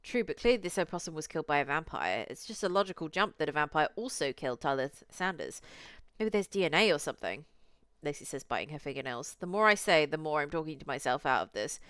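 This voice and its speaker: A woman's voice: sits low, big pitch swings, fast talker, fairly bright tone, smooth, no room sound. A young woman streamer reading a visual novel aloud, with chatty, cursing asides to her chat.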